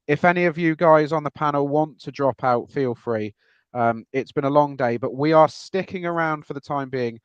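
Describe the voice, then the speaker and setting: A man's voice: on the high side, smooth, dry recording, highs cut off. Dry-sounding man hosting a live chat. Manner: relaxed, rambling, reading out viewer comments. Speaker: podcast host. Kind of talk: live-stream football chat.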